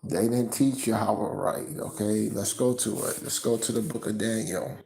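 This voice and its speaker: A man teaching from scripture, tagging nearly every sentence with "okay?" and reading the verses slower and louder. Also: fairly low pitch, fairly even intonation, vocal fry, low-quality recording. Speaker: preacher.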